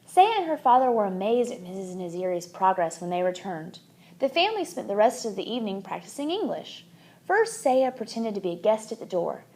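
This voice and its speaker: A woman narrating a children's book aloud in an expressive, animated way. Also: mid-range voice, a little fast. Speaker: audiobook reader.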